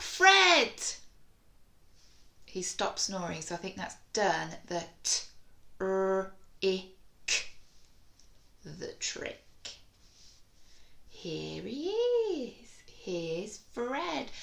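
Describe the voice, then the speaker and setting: Slow-talking woman teaching phonics, echoey room. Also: mid-range voice. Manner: sounds out words slowly and clearly, encouraging. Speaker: primary school teacher. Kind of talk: recorded phonics lesson for young children.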